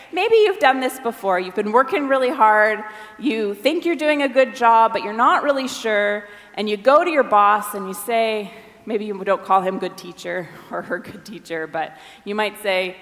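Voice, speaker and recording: A fairly high-voiced woman delivers a sermon in a relaxed, conversational way. She briefly acts out the voices of the people in the story. Her voice rings with the long reverb of a large hall. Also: normal speed. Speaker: preacher.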